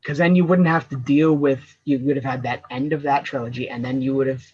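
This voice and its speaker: A man's voice: mid-range voice, steady tone, a little fast, a little mellow, muffled recording, a little hiss or hum. A man co-hosting a casual fan review show, talking in long rambling runs with many restarts. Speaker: co-host.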